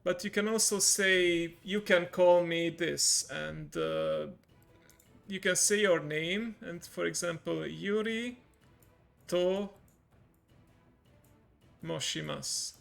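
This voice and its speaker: Gravelly-voiced man teaching patiently. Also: high-pitched, animated, fairly bright tone, faint music behind. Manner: patient, encouraging, explains slowly. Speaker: language teacher and stream host. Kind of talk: casual online lesson. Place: online voice call on a livestream.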